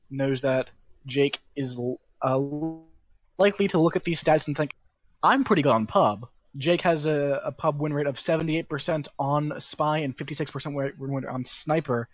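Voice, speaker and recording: A male esports caster talking through stats live, pausing on "um" and "uh" and restarting his thoughts. His audio comes through dull and muffled, with a dry, close sound. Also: medium pitch, no echo. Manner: filler-heavy, thinks aloud, restarts often. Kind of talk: live game commentary.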